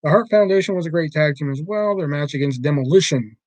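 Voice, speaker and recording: A man's voice: a little high, quick pace, dry recording, low-quality recording. A man hosting a casual livestream, rambling and swearing freely, with lots of filler words as he tells stories. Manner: animated storyteller. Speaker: livestream host.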